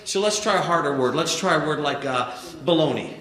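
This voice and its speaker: A man's voice: fairly high pitch, animated, brisk, a bit bright. A man performing a stand-up ventriloquism act on stage, playful and jokey, chatting with a volunteer from the audience. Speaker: ventriloquist comedian. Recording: roomy live venue with crowd.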